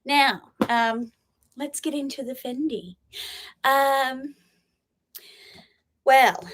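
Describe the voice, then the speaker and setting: A woman runs a casual live stream about her fashion finds, speaking at a fairly high pitch. She gushes emotionally, laughing a lot and using plenty of fillers.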